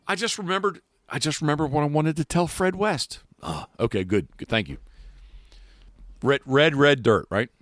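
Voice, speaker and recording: A podcast host, a man with a slightly high, bright voice and lively intonation, chats casually at a normal pace, rambling with lots of restarts and fillers. He's outdoors, yet the recording is studio-quality with no room sound.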